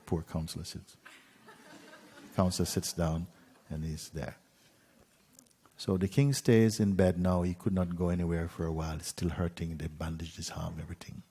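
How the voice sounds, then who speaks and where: Deep husky male spiritual teacher. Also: fairly even intonation, big-room sound. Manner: unhurried, with soft asides and light laughs. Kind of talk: storytelling talk.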